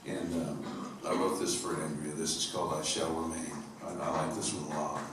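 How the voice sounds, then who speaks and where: A man from upstate New York spins loose, humorous stories between songs, full of fillers and asides. His voice sits very low. The live theater recording is heavily echoey and noisy. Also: level tone, fairly quick, far from the mic. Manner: rambling, humorous storytelling with fillers. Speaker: singer-songwriter on stage. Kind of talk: stage banter between songs. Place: theater stage at a live concert.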